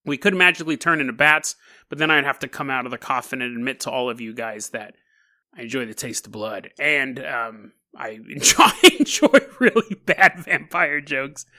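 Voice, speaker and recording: A man's voice: mid-range voice, normal speed, pushed and bright. A man hosting a podcast in a casual comedic monologue, wry and often laughing mid-sentence. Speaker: podcast host.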